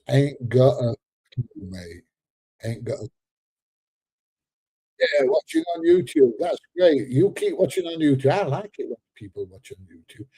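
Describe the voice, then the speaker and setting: On a live stream, a man in his seventies chats casually, reading viewer comments aloud, joking, laughing often, and dropping into slang. His medium-pitched voice is dark and slightly rough, a little congested, with no room sound.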